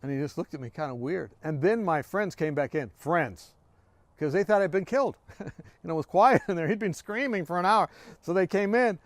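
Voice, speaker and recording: Brief: earnest male devotional speaker, slightly high voice, dry close sound. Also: animated, normal speed, no echo. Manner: earnest, sinks to a hushed near-whisper. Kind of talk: devotional storytelling talk.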